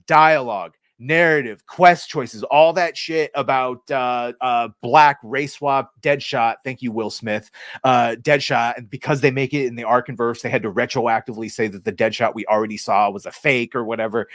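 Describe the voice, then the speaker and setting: A man's voice: medium pitch, fairly bright tone, no echo, studio quality. A man co-hosting a casual podcast chat, ranting sarcastically and swearing freely. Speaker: co-host.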